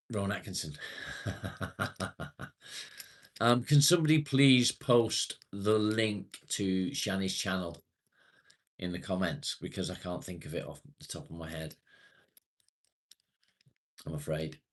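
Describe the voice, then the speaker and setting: A man from England, streaming live, talks slowly in a low voice with a steady tone, pausing often. He rambles casually to viewers in British English, occasionally swearing.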